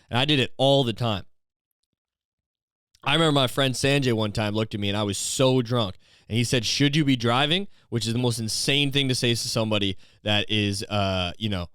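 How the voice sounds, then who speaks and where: A young man from Canada hosting a podcast, rambling through a crude comedic monologue full of filler phrases and deadpan dark jokes. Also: medium pitch, clean tone, no echo, clean studio sound. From Ontario, Canada. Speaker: podcast host.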